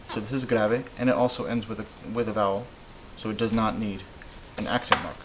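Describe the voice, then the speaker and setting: A man with a fairly low voice gives a patient whiteboard lesson. He explains each step slowly and stops now and then to correct himself. A faint hum of noise sits under his voice. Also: fairly even intonation, fairly bright tone, rough recording. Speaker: Spanish teacher.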